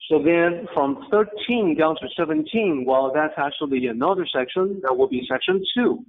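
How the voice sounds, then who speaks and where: A man leads a lesson with patient explanations, his voice sitting a little high. He talks in short, halting phrases and pauses to ask the class questions. The sound is thin and tinny, like a phone call. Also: expressive, slight background noise. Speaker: teacher. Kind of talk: online class lecture.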